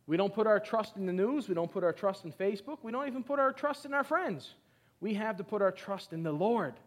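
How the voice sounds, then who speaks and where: A middle-aged man preaching in a high-pitched voice. He exhorts his congregation to answer him back and reads scripture with heavy emphasis, stretching out the key words. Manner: exhorting, calls for congregation responses. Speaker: pastor. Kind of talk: sermon.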